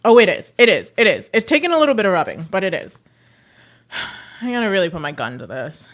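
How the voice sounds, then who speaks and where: A woman's voice: mid-range voice, sing-song, a little fast, a bit bright. A woman livestreaming casually, chatting with viewers in a slangy, friendly way while she works, laughing often. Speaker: livestreamer selling clothes online. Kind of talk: casual chat while working.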